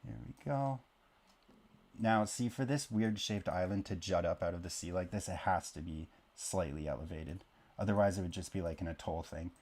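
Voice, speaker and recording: A man's voice: low-pitched, moderate pace, a little mellow. A man born in Canada and raised in Oklahoma, chatting casually and joking at his own expense while he draws a map. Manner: rambling, self-deprecating, jokey asides. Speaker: map-drawing video creator. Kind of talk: casual commentary while drawing.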